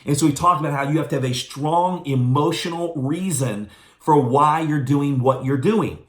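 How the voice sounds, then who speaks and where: A man giving a motivational business training, telling stories fast and with energy. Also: on the high side. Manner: fast, animated storytelling. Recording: echoey room.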